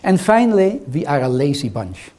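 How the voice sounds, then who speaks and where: A man's voice: fairly high pitch, big pitch swings, normal speed, darkish tone. An older man with a foreign accent giving a lecture in a hall, teasing and quizzing the audience as he goes. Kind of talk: interactive lecture.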